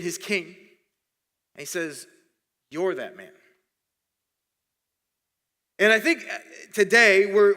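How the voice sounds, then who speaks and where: A man's voice: high voice, sharp tone, long reverb tail. A man preaching a sermon as pastor, conversational and often repeating words while he thinks. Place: church hall.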